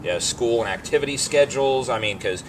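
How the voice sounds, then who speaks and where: A male co-host works his way into his questions, hesitating and filling pauses as he goes. His voice sits in an ordinary middle range, with faint background noise. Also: medium pitch. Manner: hesitant, many fillers while forming questions. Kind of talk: casual interview.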